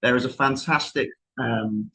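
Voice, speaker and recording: A man's voice: mid-range voice, unhurried, gravelly, pushed and bright, rough recording. A man from South England with a London accent, giving an unscripted online lesson as an exam tutor. He explains things at length in an encouraging way, often restarting his sentences.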